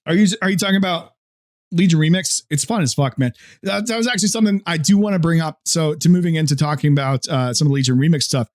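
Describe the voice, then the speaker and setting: A man's voice: a little high, fast talker. A man co-hosting a casual gaming podcast, swearing and laughing as he tells teasing stories. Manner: crude, laughs often, teasing storyteller. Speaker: podcast co-host.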